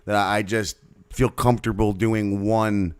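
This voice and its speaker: A man co-hosting a casual podcast chat. He talks in an animated, profane way and keeps breaking into jokes. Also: lowish voice, clean tone, dry recording. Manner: animated, profane, quick to jump into silly voices. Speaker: podcast co-host.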